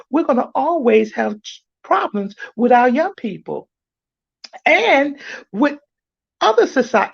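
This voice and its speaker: A man hosting a podcast, speaking loudly and emphatically in a churchlike, preaching manner. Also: extremely high pitch, gravelly, breathy edge, highs cut off. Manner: loud, emphatic, church-like delivery. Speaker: podcast host. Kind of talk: preaching-style announcement.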